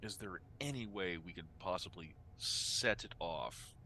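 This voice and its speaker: A man's voice: deep voice, animated, a little slow, pushed and bright, slight background noise. A man playing a tabletop game, thinking aloud as he reasons through a puzzle. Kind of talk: casual game table talk.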